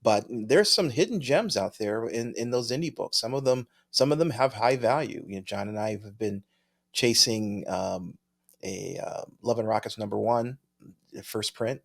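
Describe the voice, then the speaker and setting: A man's voice: fairly low pitch, moderate pace, gravelly. A man co-hosting a podcast in casual chat, easygoing, thinking aloud and chuckling often as he reads viewer mail. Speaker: podcast co-host.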